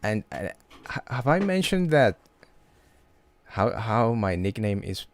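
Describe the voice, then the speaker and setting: A man chatting casually on a livestream, halting and restarting his words often. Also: on the low side, big pitch swings. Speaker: livestream host.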